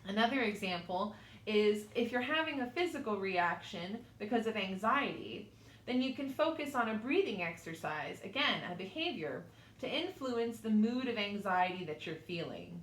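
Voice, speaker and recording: A woman's voice: mid-range voice, very animated, normal speed, fairly bright tone, roomy sound. A woman instructor giving an online class lecture from a small studio, talking informally with fillers, personal asides and little laughs.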